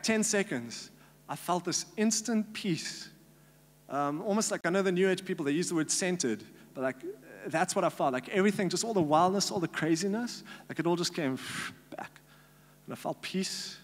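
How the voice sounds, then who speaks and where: A young man from South Africa preaches a sermon through personal testimony. His voice sits a little high, and he keeps the tone casual, full of "like" and voiced quotes. A long hall reverb trails behind his words. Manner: casual storytelling with many "like" fillers and acted-out quotes. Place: church hall.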